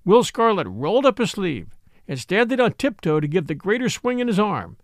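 A man reading a classic storybook aloud with a high, lively voice that swings widely in pitch. His delivery is expressive and dramatic, and the recording is dry and close. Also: normal speed, no room sound. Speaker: audiobook narrator. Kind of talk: storybook narration.

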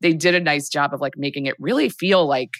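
Young adult woman, podcast host, low pitch, dry sound, rambling, filler-heavy. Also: fast talker, no room sound. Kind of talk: casual film recap.

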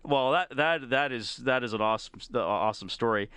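A man's voice: mid-range voice, a little fast, fairly bright tone, clear, resonant tone, no echo. Man hosting sports radio. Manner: conversational, with frequent fillers and restarts. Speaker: radio sports show host. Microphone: studio microphone.

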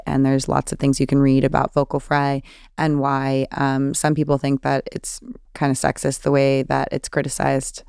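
A woman in her thirties with a Californian accent and vocal fry, chatting casually as a podcast host answering listener questions. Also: extremely low pitch, darkish tone, dry recording, clean studio sound. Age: 30s. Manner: chatty, many fillers and restarts. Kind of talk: casual solo Q&A.

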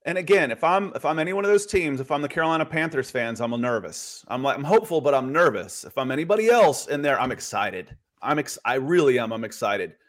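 A man co-hosting a casual sports podcast, chatty and animated, often repeating words as he talks. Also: medium pitch, fast talker, few pauses. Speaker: podcast co-host.

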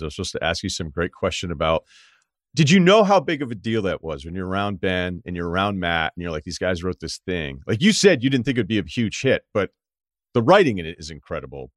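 A middle-aged man from Massachusetts hosting a podcast, talking casually and profanely, with quick asides. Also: deep voice, no echo, studio quality. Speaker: podcast host. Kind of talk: casual interview and sports talk.

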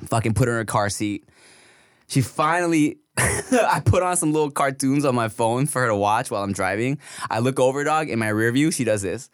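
A man's voice: medium pitch, brisk, no echo, clean studio sound. A man in his thirties, a podcast co-host, telling a story in casual, profane chat and laughing often. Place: podcast studio.

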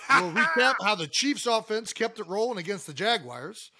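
This man from Ohio has a fairly high voice for a man and talks bluntly, needling his co-host with good-natured teasing. The sound is dry and close, with no echo at all. He is in his thirties and chats casually on a sports podcast. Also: very animated, normal speed, bright, forceful tone.

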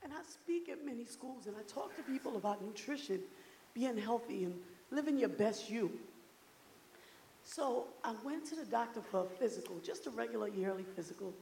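A woman from Brooklyn telling a personal story to a seminar audience, animated and acting out what people said to her. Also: fairly high pitch, moderate pace, creaky, slight background noise. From Brooklyn, New York. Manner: animated, acts out quoted dialogue. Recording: echoey hall.

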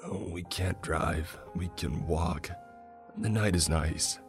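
A man acting out a confused older neighbor in a read-aloud horror story, a twitchy figure whose very low voice slips into eerie whispers. He pleads and then grows strangely manic. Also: animated, a little slow, over music. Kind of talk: scripted narration.

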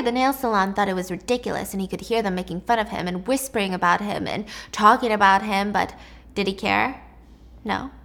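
A woman telling a dark story in a casual spoken way, with chatty asides to the listener. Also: mid-range voice, creaky.

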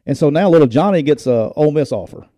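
Middle-aged man, former coach, lively storyteller, very dark mellow tone, dry close mic. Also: fairly high pitch, fast talker, no echo. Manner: animated, acts out quoted voices, laughs while telling stories. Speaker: former college football coach, show co-host. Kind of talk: casual storytelling chat.

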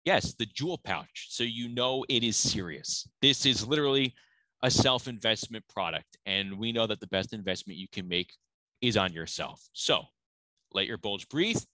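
Bright, cheeky man reading an ad. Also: fairly low pitch, animated, normal speed, no room sound, low-quality recording. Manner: jokey, cheeky delivery. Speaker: podcast host. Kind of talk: casual host read of an ad.

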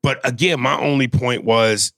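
Gravelly joking man in casual talk. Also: medium pitch, moderate pace, a bit bright, no room sound, clean studio sound. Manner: loose, joking, swears freely. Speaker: podcast co-host. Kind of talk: casual profane chat.

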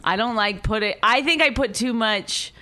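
A woman's voice: on the high side, normal speed, pushed and bright. Easygoing woman chatting on the phone. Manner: easygoing, self-deprecating, laughs often. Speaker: podcast co-host. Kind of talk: casual phone chat.

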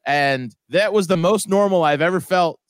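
A man's voice: sits high, normal speed, smooth, dry recording. Man rambling through a casual story. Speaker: podcast co-host. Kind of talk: casual chat.

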